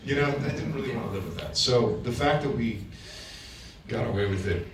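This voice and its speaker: A man's voice: medium pitch, a little fast. Man telling a story on a panel. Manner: animated storytelling with many restarts. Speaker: panel guest. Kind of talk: casual panel talk. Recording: echoey, distant mic with room noise.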